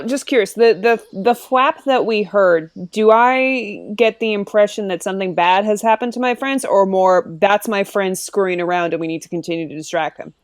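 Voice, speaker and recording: A woman playing a character in a tabletop game, playful and quick to laugh. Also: medium pitch, dry recording. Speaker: player.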